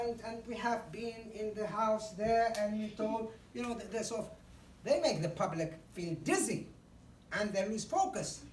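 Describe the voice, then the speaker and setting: A woman's voice: mid-range voice, a little mellow, a little hiss or hum. Woman coaching public speaking, far off. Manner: demonstrative, acts out examples, frequent "you know". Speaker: public speaking workshop trainer. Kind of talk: instructional talk to a live group. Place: meeting room. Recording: roomy echo, distant mic, faint ambience.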